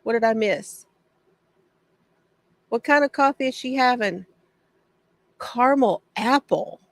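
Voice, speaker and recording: A woman's voice: fairly high pitch, takes it slowly, dry recording. A woman hosting a casual craft livestream from her home shed, greeting viewers by name, chatty and often laughing.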